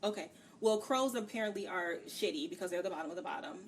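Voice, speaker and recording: A woman co-hosting a book review podcast, ranting candidly in casual chat. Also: lowish voice. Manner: candid, ranting, acts out characters' lines in quick bits. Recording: distant mic with faint background noise.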